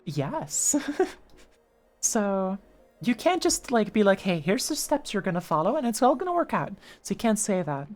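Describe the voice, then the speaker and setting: A woman's voice: mid-range voice, big pitch swings, measured pace, darkish tone. A woman streamer chatting casually, reading chat aloud, with lots of fillers and restarts. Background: faint background music.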